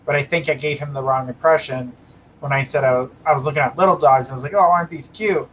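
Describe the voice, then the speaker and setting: A man's voice: fairly high pitch, fast talker, a bit bright, slight background noise, poor audio. A man hosting a live psychic reading stream, chatting casually, laughing often and reading viewer comments aloud. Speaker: psychic livestream host.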